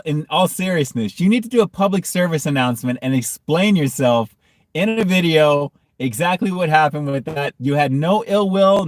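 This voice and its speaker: A man's voice: a little high, no room sound, studio quality. Giggly man hosting a livestream. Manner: laughs hard, breaks into giggles often. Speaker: food review livestream host. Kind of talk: casual livestream chat reading comments.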